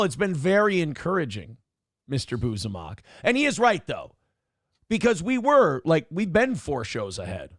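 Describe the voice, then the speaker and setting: A man hosting a live show, reading chat donations in a loud, joking manner with sudden shouts and low asides. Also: huge pitch swings, normal speed, dry recording, clean studio sound. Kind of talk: casual livestream chat.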